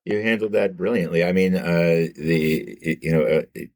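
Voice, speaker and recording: A man with an extremely deep voice answers as an expert guest, thinking out loud and often restarting his sentences. The recording is dry and close. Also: moderate pace, no echo. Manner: thoughtful, restarts sentences with "uh" and "you know". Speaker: guest expert, sibling researcher. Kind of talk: interview answers.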